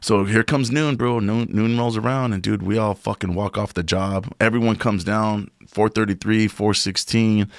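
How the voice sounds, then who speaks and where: Profane storytelling man, low and dry. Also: normal speed, hardly any pauses, dry recording. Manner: profane, animated, says "bro" often. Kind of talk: casual storytelling.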